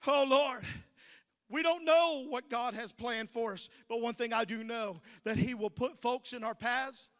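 A middle-aged man preaching a sermon, telling stories that build into shouted preaching. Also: very high voice, moderate pace, few pauses, big-room sound. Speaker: pastor.

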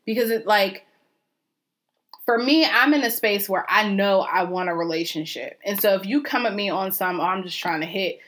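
A woman's voice: mid-range voice, normal speed, fairly bright tone. Blunt, swearing young woman podcaster. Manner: blunt, candid, swears freely. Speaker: podcast co-host. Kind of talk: casual chat.

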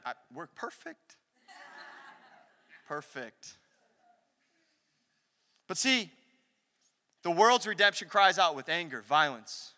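A young man preaching a lively sermon in a church, acting out the voices he quotes. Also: sits high. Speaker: pastor. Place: church sanctuary. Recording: long hall reverb.

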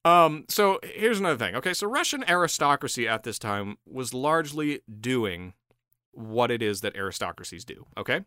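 A man's voice: mid-range voice, very animated, normal speed, sharp tone, smooth, dry recording, studio quality. A man co-hosting a casual podcast, telling history with swearing, laughter and mocking put-on voices. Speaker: podcast co-host. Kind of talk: casual history chat while drinking.

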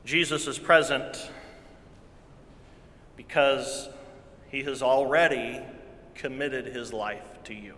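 Pastor in a long-echoing hall. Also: male voice, mid-range voice, slow pace, long pauses. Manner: earnest preaching with repeated phrases, swings from loud to hushed. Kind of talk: sermon.

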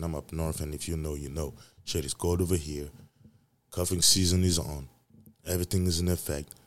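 Low-voiced man ranting on his podcast. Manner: profane, ranting, rambling. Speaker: podcast host. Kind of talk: casual solo podcast rant. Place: home.

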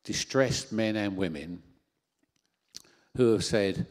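A man preaching a sermon into a handheld microphone in a church hall, animated, with self-deprecating asides. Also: on the low side, slow pace.

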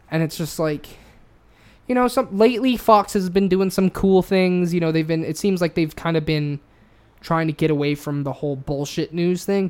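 A man in casual chat, ranting heatedly with lots of swearing and stumbling restarts. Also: fairly high pitch. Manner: heated, profane, repetitive restarts.

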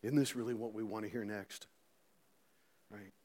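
A middle-aged man preaching a sermon as pastor, animated, swinging between loud emphasis and quiet asides, with many rhetorical questions. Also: fairly low pitch, moderate pace. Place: church sanctuary. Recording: long reverb of a church hall.

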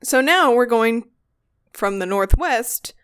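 A woman co-hosting a podcast in casual chat, talking quickly with frequent giggles and rambling asides. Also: a little high, animated, a bit bright, slight background noise. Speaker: podcast co-host.

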